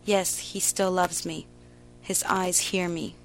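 A woman giving a slow, emotional, theatrical reading of a first-person story. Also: fairly low pitch, little pitch movement, gravelly, slight background noise, poor audio. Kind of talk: dramatic literary reading.

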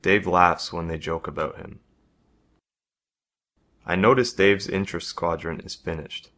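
A man narrating a first-person story in a measured, even reading. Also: deep voice.

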